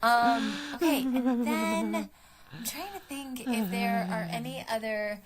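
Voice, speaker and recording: A middle-aged woman, a voice actor, chatting casually and coaching with encouraging advice and quick acted line readings. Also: on the high side, expressive, a loud crowd. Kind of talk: casual video call chat.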